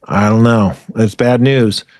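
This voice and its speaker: A man's voice: lowish voice, fairly even intonation, slow, darkish tone, no echo, clean studio sound. A man co-hosting a podcast, ranting in a rambling, profane, exasperated way in casual chat. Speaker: podcast co-host.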